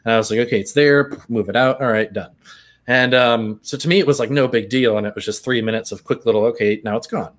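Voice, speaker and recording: A man's voice: mid-range voice, fast talker, fairly bright tone. A man co-hosting a podcast, telling a personal story in a loose, reflective way with plenty of fillers. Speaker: podcast co-host. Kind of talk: casual chat.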